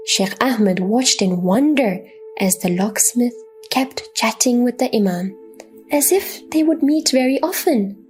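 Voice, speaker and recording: A woman narrating a religious children's story in a slow, expressive, reverent manner. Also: fairly high pitch, breathy edge.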